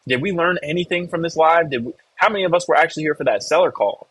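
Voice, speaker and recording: A man's voice: on the high side, fast talker, husky, poor audio. A man hosting a live online real estate meeting, coaching a member and encouraging the audience. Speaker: host of a real estate investor community call.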